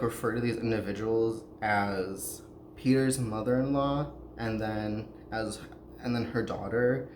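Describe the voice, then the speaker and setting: Chatty, giggly history podcaster. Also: medium pitch. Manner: chatty, full of "like" and self-interruptions, giggly. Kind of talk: casual storytelling chat. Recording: roomy echo, faint noise.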